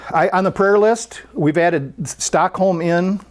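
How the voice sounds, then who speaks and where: A speaker at a spiritual center, telling a story during a sermon in a conversational, animated way. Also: medium pitch, a little slow.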